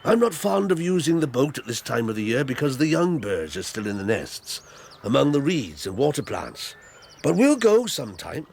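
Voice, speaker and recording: A bluff old country squire. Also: male voice, medium pitch, big pitch swings, normal speed, vocal fry, a little mellow, husky, full character voice. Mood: genial. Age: older. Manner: bluff, rambling and fatherly. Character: hearty old country squire, fond and talkative. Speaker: Squire Hamley. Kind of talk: 1980s radio drama acting.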